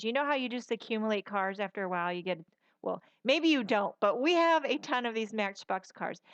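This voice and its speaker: A middle-aged woman with a medium-pitched voice narrates a casual papercraft tutorial, the recording dry and muffled. She's chatty and folksy, rambling with filler words as she works.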